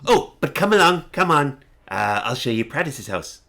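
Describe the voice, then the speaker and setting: A man voicing a small, wiry, wild-haired old male hermit with a booming voice and a rough northern tavern accent. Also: big pitch swings, normal speed, bright, forceful tone, exaggerated voice. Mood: eager. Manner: booming, northern ice-region accented common.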